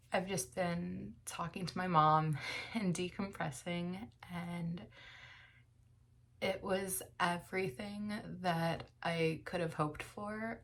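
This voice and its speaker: A woman book vlogger speaks from home in a slow, unhurried way. Her voice sits low for a woman, and she sounds emotional and close to tears, rambling through fillers as she recalls her day. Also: a bit bright. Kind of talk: casual personal reflection.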